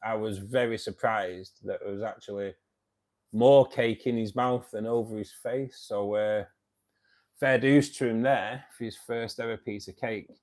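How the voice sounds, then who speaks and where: Speaking unhurriedly in a lowish, steady, darkish voice, this Manchester-born fishkeeping club host in his fifties chats with his livestream audience. His Mancunian English is friendly and matey, with "mate" cropping up constantly.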